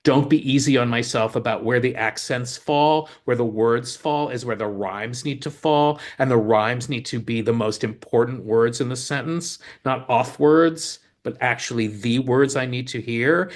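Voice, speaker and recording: A man's voice: medium pitch, a little slow, few pauses. A lyricist and co-host in casual talk, explaining his craft with eager restarts as he thinks aloud.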